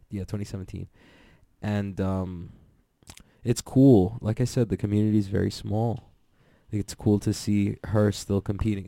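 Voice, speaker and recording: Rambling, profane young man with gravelly voice. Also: fairly low pitch, no room sound, studio quality. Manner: rambling, profane, excitable, laughs often. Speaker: podcast host recapping jiu-jitsu events. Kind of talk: casual solo recap.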